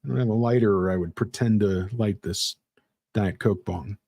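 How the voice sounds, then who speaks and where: A man's voice: on the low side, moderate pace, gravelly, dark tone, slightly rough, no echo. A man hosting a casual livestream, reading out chat comments in a rambling, playful way with lots of fillers. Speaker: livestream host.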